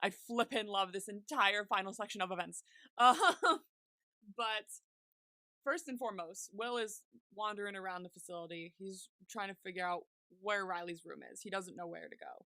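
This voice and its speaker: A woman's voice: mid-range voice, normal speed, pushed and bright, no echo. A woman co-hosting a podcast, retelling TV scenes in casual chat and acting out the characters' lines with frequent laughter. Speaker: podcast co-host.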